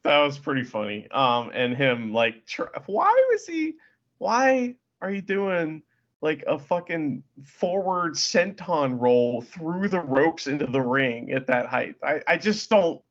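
Laughing man with a lively, higher voice. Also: a little slow, dull audio. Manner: laughs often, swears casually. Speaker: podcast co-host. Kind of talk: casual wrestling recap chat.

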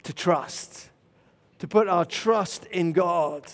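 A man preaching a sermon, telling personal stories, moving between loud animated moments and quiet reflection. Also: sits high, slow. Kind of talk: sermon with storytelling. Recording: long reverb of a large hall.

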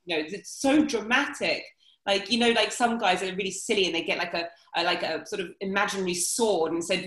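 Woman dating-coach type, frank and animated, acts out quotes, echoey room. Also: mid-range voice. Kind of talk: casual podcast chat.

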